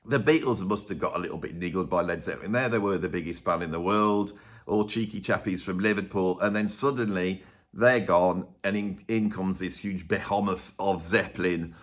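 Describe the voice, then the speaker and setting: A man's voice: deep voice, moderate pace. A man giving a casual track-by-track music analysis, rambling and enthusiastic, with many restarts. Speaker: music commentator.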